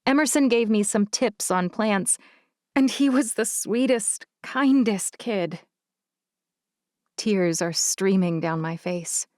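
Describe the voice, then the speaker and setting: A woman's voice: medium pitch, slow pace, darkish tone, dry recording, clean studio sound. A woman reading a romance novel in first person, with intimate, emotional storytelling. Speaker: audiobook narrator. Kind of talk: first-person audiobook narration.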